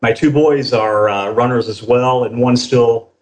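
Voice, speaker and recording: A middle-aged man answering as a podcast guest. He speaks in a measured, thoughtful way, filling gaps with frequent "uh"s. His voice sits at an ordinary middle pitch. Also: steady tone. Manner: measured, many filler pauses. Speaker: race director, interview guest. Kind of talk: casual interview chat.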